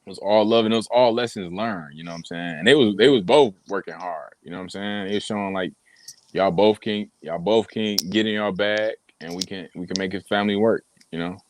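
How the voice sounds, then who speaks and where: A man's voice: on the low side, a little fast. A man co-hosting a podcast in a casual chat, talking in a laid-back way and agreeing emphatically. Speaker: podcast co-host.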